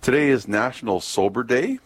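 A man's voice: mid-range voice, animated, normal speed, dry recording. A man hosting a radio show, chatting casually through the day's trivia and often losing his place with ums and uhs. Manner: rambling, loses his place, fills gaps with um and uh. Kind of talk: casual on-air chat reading date trivia.

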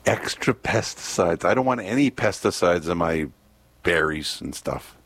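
A man's voice: low voice, animated, moderate pace, fairly bright tone. A man co-hosting a casual morning radio show, chatty and full of curious, naive questions. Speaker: radio co-host.

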